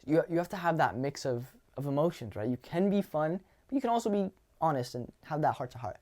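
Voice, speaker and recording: A young man talking casually as a dating coach, animated and swearing, acting out lines from his own conversations. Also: a little high, a little fast. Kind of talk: casual advice monologue.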